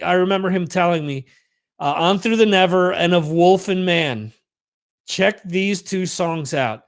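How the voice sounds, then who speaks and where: A man's voice: a little high, fairly bright tone, clear, resonant tone. A man hosting a livestream, talking in a chatty, rambling, profane way. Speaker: livestream host. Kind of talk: casual livestream monologue.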